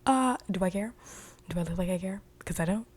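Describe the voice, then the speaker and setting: A woman voicing a cold, defiant young witch who speaks flatly and dismissively. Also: medium pitch, fairly quick, natural voice.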